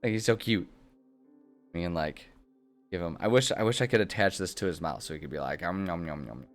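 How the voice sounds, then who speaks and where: A deep-voiced man chats away on a live stream, cheerful and easily delighted as he talks through what he is doing. His tone stays casual and chatty, with faint music playing behind him. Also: animated, fairly quick. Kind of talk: casual live-stream chat while building.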